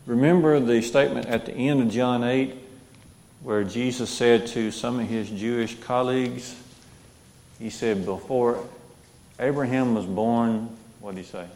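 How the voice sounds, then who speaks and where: A man's voice: medium pitch, fairly even intonation, unhurried, a little mellow, long reverb tail. A man teaching a Bible class, reading scripture aloud and asking the group questions.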